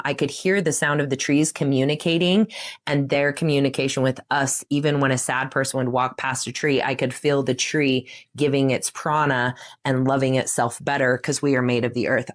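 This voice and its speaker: A woman guest in a casual interview, telling a personal story in an animated way, often laughing and breaking off to restart her sentences. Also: very deep voice. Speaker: podcast guest.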